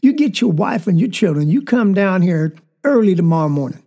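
A jovial country father with a Southern drawl, as a woman storyteller puts him on, hearty and booming. The voice is husky and mellow underneath. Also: very animated, fairly quick. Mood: folksy, warm. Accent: Southern American. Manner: hearty drawl, shouts greetings.

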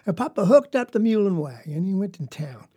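A woman's voice: mid-range voice, sing-song, fast, warm tone, slightly rough. A woman with a Southern US accent playing a young farm girl who tells a story in a rambling, folksy, confiding way. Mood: earnest. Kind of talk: dramatic monologue.

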